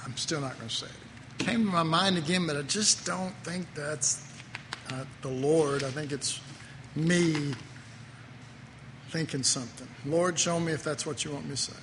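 Guy preaching, high bright voice, slow and chatty, keeps restarting sentences. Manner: conversational, self-interrupting, laughs at own jokes. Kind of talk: sermon. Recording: echoey hall, faint noise.

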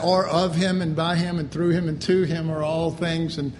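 A man preaching a sermon, slow and deliberate, with animated asides. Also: high voice, slight background noise. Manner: slow, deliberate delivery with animated mock voices and laughter.

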